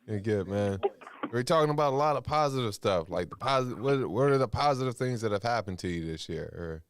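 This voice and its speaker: A man hosting a call-in podcast, talking in a relaxed, rambling, slangy way. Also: mid-range voice, brisk, smooth. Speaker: podcast host. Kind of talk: casual call-in chat.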